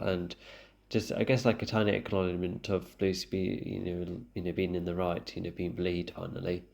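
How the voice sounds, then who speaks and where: A man, voice sitting low with a gravelly edge. He reacts to a show in casual commentary, thinking aloud as he goes. He stops and restarts often with ums. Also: level tone, moderate pace, darkish tone. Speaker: reaction video host.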